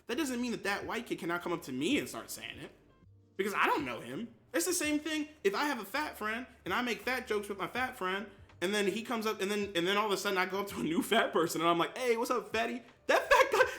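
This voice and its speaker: A young man streaming casually, reacting to and reading out his chat. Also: sits high. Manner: animated, reads chat aloud. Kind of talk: casual live-stream commentary.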